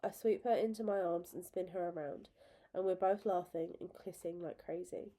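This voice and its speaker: A woman reading a story aloud with expressive, emotional narration. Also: on the low side, normal speed. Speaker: reader.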